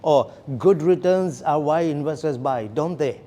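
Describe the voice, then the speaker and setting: A man's voice: on the high side, a little slow, dark tone. A man leading a sales training session, explaining steps and often checking in with "okay?" and "right?". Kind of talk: classroom training lecture.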